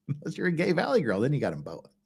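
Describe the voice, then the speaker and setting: A man talks through legal filings in a loose, sarcastic stream commentary. His delivery is animated, his pitch rising and falling a lot, and he laughs readily at his own jokes. His speech sounds a little thick, as if his tongue were swollen. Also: vocal fry, slightly rough. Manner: sarcastic, mocking, laughs often. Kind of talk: casual livestream commentary.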